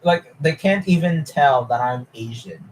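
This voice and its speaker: A man's voice: on the high side, animated, measured pace, a little hiss or hum, low-quality recording. Chatty young man streaming live. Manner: chatty, often laughing, reads chat aloud. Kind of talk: casual live-stream chat.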